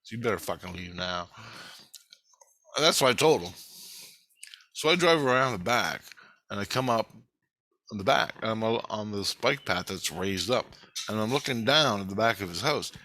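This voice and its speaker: A man's voice: lowish voice, animated, moderate pace, long pauses, bright, forceful tone, no room sound. A man talking in a rambling, profane monologue about a dream he had.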